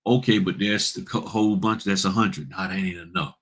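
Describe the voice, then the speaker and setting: A man's voice: on the low side, animated, brisk, gravelly, a bit bright, breathy edge. A man hosting a notary business vlog, giving blunt, straight-talking advice and repeating points for emphasis.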